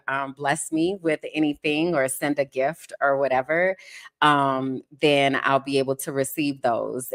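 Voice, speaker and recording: A woman hosting a casual podcast, telling stories candidly and with animation. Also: low voice. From United States. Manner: candid, animated storytelling with sudden laughs. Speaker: podcast host.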